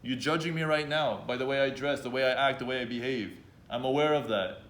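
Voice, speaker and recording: A man's voice: mid-range voice, fairly quick, fairly bright tone. A man coaching university students on confident speaking at a live workshop, talking directly and acting out hesitant speakers. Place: event room with students. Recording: echoey room with faint background ambience.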